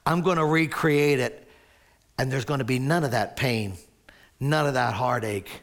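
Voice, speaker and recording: A man in his sixties preaching a sermon, voicing God as a calm, commanding male creator in a slower, lower delivery. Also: natural voice. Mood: declaring.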